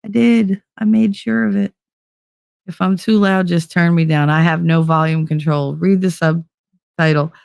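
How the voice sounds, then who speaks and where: A woman's voice: on the low side, steady tone, unhurried, vocal fry, darkish tone, smooth, no echo. A woman from New Jersey hosting a casual livestream, rambling and swearing as she reads chat, sleepless and frazzled. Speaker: livestream host.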